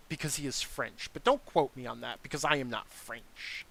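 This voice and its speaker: A man with a fairly high, bright voice talks through a game in a lively, rising and falling tone. He lectures patiently and methodically, pausing to explain each detail to his viewers. Now and then he answers comments from his live chat. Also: gravelly. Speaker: game streamer.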